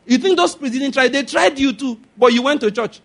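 Husky-voiced Nigerian man preaching. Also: very high-pitched, expressive, brisk. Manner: emphatic, repetitive exhortation with frequent chuckles. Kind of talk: sermon.

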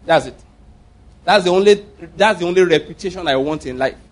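A man's voice: high voice, a little fast. A man preaching a sermon to a congregation, jokey and digressive, often repeating himself as he explains. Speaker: pastor.

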